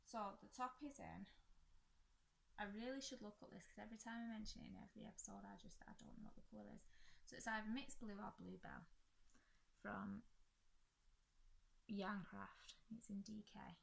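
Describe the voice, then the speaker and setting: A woman's voice: medium pitch, steady tone, moderate pace, creaky, pauses often, poor audio. A young woman chatting casually about her crafts while getting over a chest infection, rambling and poking fun at herself. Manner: chatty, rambling, self-deprecating. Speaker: crafting podcast host. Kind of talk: casual chat.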